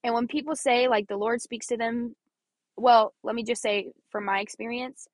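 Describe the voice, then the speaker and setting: A woman's voice: fairly high pitch, fairly even intonation, moderate pace, no room sound. Earnest young woman sharing her faith. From Missouri, US. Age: young adult. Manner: earnest, chatty, laughs often, repeats phrases. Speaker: podcast host. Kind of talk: personal faith talk.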